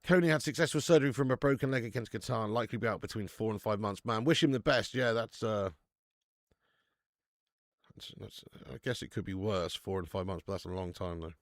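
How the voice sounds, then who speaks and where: A man's voice: lowish voice, a little fast, dry recording, studio quality. Laddish British man hosting a football stream. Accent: British English. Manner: laddish banter, swearing, reading out chat. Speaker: host. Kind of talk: live football watch-along chat.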